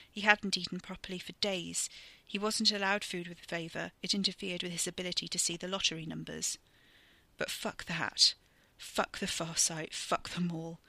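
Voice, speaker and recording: A storyteller narrates in a vivid, steady way, in a very bright and sharp voice with a gravelly grain. The recording is dry and close, with no room sound. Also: medium pitch, dry recording. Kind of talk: scripted narration.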